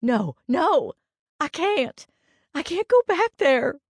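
A woman doing a frantic sobbing woman, shrill. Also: very animated, slow, no room sound, clean studio sound, full character voice. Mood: sobbing refusal. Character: terrified sobbing woman fleeing danger.

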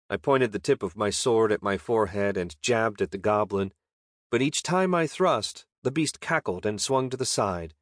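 A man reads a fantasy story in a wry, deadpan voice. His tone sits low and steady. The sound is close and dry, with no room around it. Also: normal speed, no echo. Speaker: narrator. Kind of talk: audiobook narration.

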